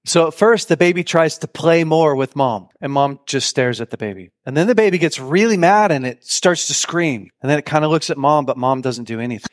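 A man's voice: fairly high pitch, brisk, hardly any pauses. A man giving a sermon to a live audience, telling stories and acting out the lines of the people in them, and often turning to his listeners with direct questions. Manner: animated storyteller who acts out quoted lines. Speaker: preacher.

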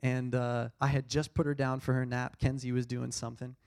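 A man's voice: mid-range voice, little pitch movement, brisk, darkish tone. A young man preaching a sermon in an earnest, conversational way, repeating his key points. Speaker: pastor.

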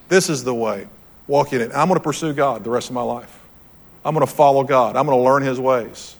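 A man's voice: medium pitch, a little fast. A man preaching to a room, telling a personal story in an earnest, storytelling way and repeating his key phrases. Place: church hall with audience.

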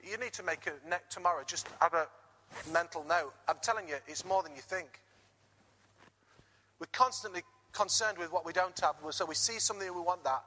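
British guy preaching, high bright voice, long hall echo, gets loud and jokey. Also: fairly quick. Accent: British English. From Britain. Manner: lively, jokey, rises loud on key words. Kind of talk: sermon. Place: church hall. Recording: reverberant church hall.

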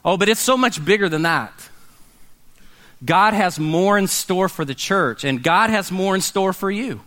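A man preaching a sermon, animated, acting out quoted people and calling for congregation responses. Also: high voice, unhurried. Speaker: pastor. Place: church meeting in a warehouse.

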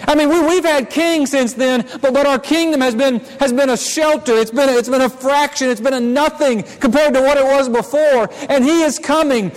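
A man's voice: extremely high pitch, moderate pace. A man preaching a sermon as pastor, talking conversationally with frequent restarts and repeated words. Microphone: handheld or stand mic. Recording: long reverb of a large hall.

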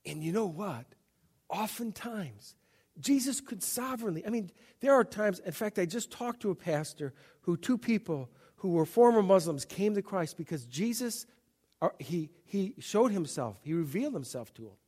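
A man's voice: high-pitched, expressive, normal speed, darkish tone, husky. A middle-aged male pastor giving a conversational sermon, acting out Bible scenes in little voices.

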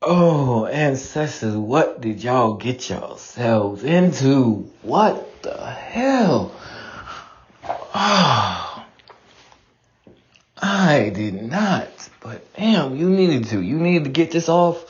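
A man's voice: medium pitch, big pitch swings, very slow, muffled recording. A man giving an emotional, profane confessional monologue, near tears, laughing through his distress and dropping to whispers between outbursts.

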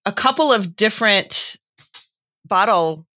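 A woman's voice: mid-range voice, lively intonation, slow, sharp tone, no echo, studio quality. Earnest woman explaining infant feeding. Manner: earnest, explains with quoted asides. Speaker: breastfeeding expert guest. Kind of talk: casual advice chat.

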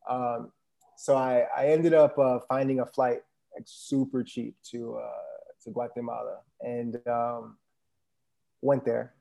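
A man's voice: mid-range voice, little pitch movement, slow pace, gravelly, dark tone. A man chatting casually as a podcast guest, laid-back and rambling with many fillers. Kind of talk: casual conversation.

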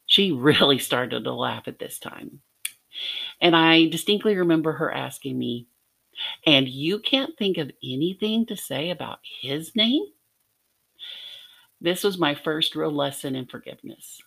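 A woman's voice: deep voice, gravelly. A middle-aged woman from Arkansas teaching a devotional lesson, telling a personal story in an earnest way with light laughs. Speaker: podcast teacher.

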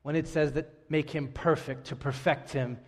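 A man's voice: fairly high pitch, fairly even intonation, moderate pace. Preaching man in a reverberant hall. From Staten Island, New York. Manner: emphatic, drops to quiet on key words. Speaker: pastor. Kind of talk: sermon.

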